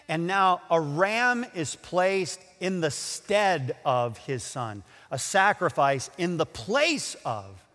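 A man's voice: fairly high pitch, sharp tone, in a large hall. A man preaching a sermon with impassioned, dramatic delivery and stammered restarts.

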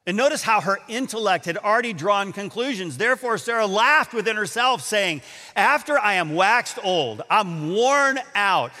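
Animated preaching man in a reverberant hall. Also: sits high. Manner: animated storyteller, acts out quotes. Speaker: pastor. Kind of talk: sermon with storytelling.

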